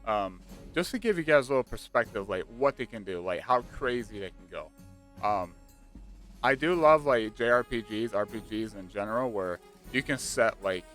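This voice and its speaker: A man chatting casually and excitedly about a video game, rambling with lots of fillers. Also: lowish voice, moderate pace. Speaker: gaming channel host. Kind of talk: casual speculative chat. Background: faint background music.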